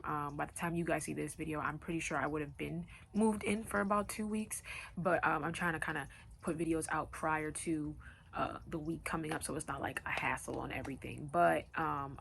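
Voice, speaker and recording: A woman's voice: deep voice, gravelly, a little hiss or hum. A young woman hosting a casual Q&A vlog, chatty and loose with lots of fillers. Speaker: vlog host.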